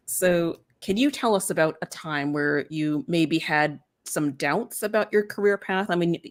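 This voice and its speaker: A podcast host asking a guest open questions in a relaxed chat and laughing along. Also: mid-range voice, a little slow. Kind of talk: casual interview chat.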